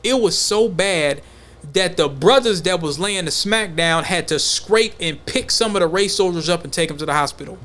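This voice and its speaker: A man hosting a podcast, talking in a loose, slangy, animated way in casual chat. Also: sits high, moderate pace. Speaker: podcast host.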